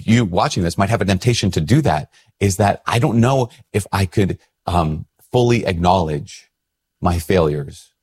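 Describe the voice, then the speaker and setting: A man's voice: low voice, darkish tone, slightly rough. A male priest in a casual, reflective talk to camera, chatty and self-deprecating as he tells a story.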